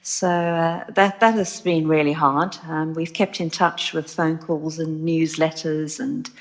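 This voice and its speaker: A woman with a South African accent, a pastor, talking in a measured, articulate way on a phone-in. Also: sits low, fairly even intonation. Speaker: Salvation Army pastor. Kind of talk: phone-in chat.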